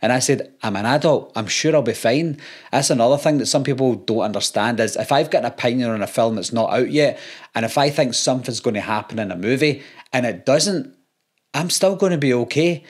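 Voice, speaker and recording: A man's voice: mid-range voice, lively intonation, a little fast, husky. A Scottish man and YouTuber, reading out comments in casual talk with dry, sarcastic comebacks. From Scotland.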